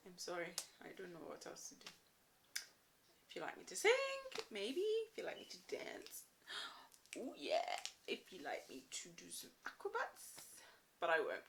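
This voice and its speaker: Young woman vlogger with a bright voice, chatty and teasing, talking to camera. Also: medium pitch. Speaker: book vlogger. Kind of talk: casual vlog to camera.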